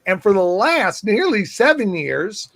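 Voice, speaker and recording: A man's voice: sits high, very animated, a little slow, a crowd in the background. A man co-hosting a live whisky show, joking and teasing his guests in a playful, self-mocking way. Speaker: co-host. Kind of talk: joking live-stream banter.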